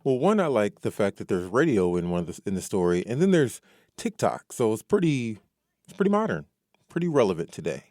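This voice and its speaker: A man's voice: fairly low pitch, big pitch swings, brisk, darkish tone, no room sound, studio quality. A man hosting a radio interview, asking chatty, rambling questions. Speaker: radio host.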